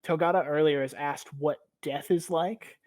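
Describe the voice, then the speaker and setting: A man with a somewhat high voice hosts a podcast and recaps a story in loose, rambling chat. He swears freely and fills his talk with "like". The sound is dry and close, with no room around it. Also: steady tone, normal speed, darkish tone, no room sound. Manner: rambling, profane, heavy use of "like". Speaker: podcast host.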